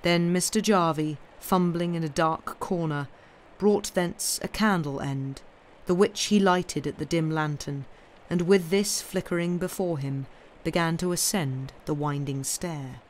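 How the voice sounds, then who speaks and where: A woman reading a classic story aloud as narrator on a livestream, in a slow, deliberate storytelling manner. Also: sits low, slight background noise. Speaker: reader.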